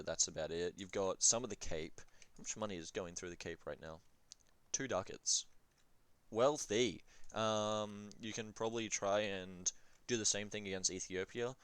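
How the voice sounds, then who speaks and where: A young man with a lowish, clean-toned voice, recorded dry, rambles through advice on a strategy game. His casual commentary is full of swearing and jokes, and he often trails off with ums.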